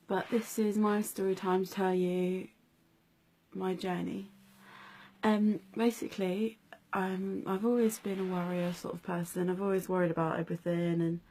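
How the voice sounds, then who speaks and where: A woman in her twenties talks straight to camera about her own life, unhurried and hesitant. Her pitch sits in a middling range and barely moves, giving a flat, even delivery. She pauses often and fills gaps with soft ums. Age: 20s. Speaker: vlogger. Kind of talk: personal story vlog.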